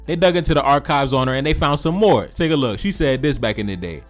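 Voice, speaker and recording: A man's voice: mid-range voice, lively intonation, quick pace, faint music behind. Emphatic man ranting in a reaction video. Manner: emphatic and repetitive, with slangy asides. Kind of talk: commentary reacting to social media posts.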